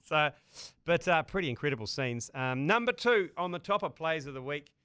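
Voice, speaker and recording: A man's voice: on the high side, lively intonation, bright, forceful tone, smooth, no room sound. Joking New podcast host, man. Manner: jokey, storytelling, quick asides. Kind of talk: casual sports podcast banter.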